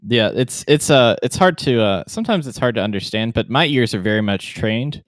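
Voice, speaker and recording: A man's voice: medium pitch, animated, a little fast, dry recording. A man from West Virginia with a mild West Virginia accent, co-hosting a podcast and telling stories in casual chat. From West Virginia, USA. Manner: rambling, storytelling. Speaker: podcast co-host.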